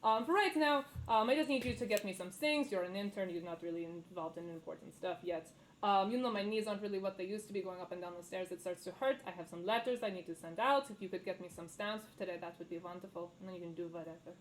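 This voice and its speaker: A woman voicing a fussy, flustered old gnomish man with creaky knees, in a tabletop game. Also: fairly low pitch, fast, a little hiss or hum, pitched below the performer's own voice, close to an everyday voice, low-quality recording. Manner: fussy, flustered, mildly scolding.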